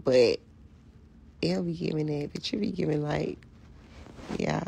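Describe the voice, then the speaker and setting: A woman with a hoarse, raspy voice, chatting casually to viewers on a phone livestream in a candid, profane, rambling way. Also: low voice, fairly quick, a little hiss or hum. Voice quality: raspy, gravelly voice.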